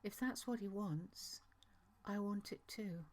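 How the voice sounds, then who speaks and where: A woman voicing a brave young girl who speaks softly and steadily. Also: mid-range voice, slow pace, pitched above the performer's own voice. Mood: quietly resolved. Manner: soft and steady. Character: brave, quiet young girl accepting her fate.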